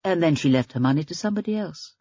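A woman's voice: deep voice, lively intonation, very fast, dark tone, no room sound, highs cut off. Woman reading as a prim elderly spinster sleuth. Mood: musing. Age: older. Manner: prim, thoughtful, murmuring.

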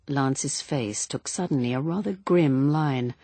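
A woman narrates an audiobook in a measured, expressive way. Her voice is low and husky with a lively pitch range, and the recording is dry and close. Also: dry recording. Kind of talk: scripted narration.

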